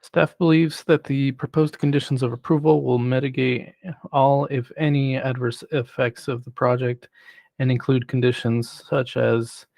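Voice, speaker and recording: A man on city planning staff who presents a formal report in a measured way, reading prepared remarks. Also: medium pitch, gravelly, darkish tone, no echo. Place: city council chamber.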